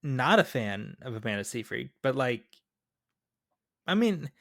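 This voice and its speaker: A man's voice: medium pitch, very animated, unhurried, gravelly, no room sound, clean studio sound. A man co-hosting a movie review podcast, rambling and hesitant as he chats and laughs at his own jokes. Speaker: podcast co-host. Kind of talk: casual movie review chat.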